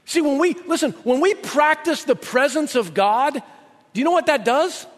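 A male pastor delivers an emphatic sermon in a strikingly high voice. He reads scripture aloud with building conviction. His voice rings through a hall with a long reverb tail. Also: lively intonation, normal speed.

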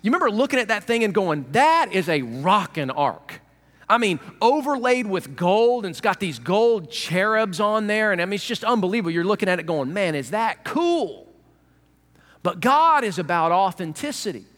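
Male pastor preaching, fairly high and very lively voice, playful, long church reverb. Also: fairly quick, hardly any pauses. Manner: animated, humorous, acts out voices. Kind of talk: sermon.

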